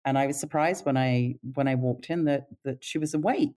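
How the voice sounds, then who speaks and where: A middle-aged woman with a low, mellow voice, a palliative care nurse sharing stories in an easygoing interview. Her pitch leaps up whenever she acts out what someone said. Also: fairly quick. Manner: animated pitch when quoting others. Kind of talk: casual storytelling interview.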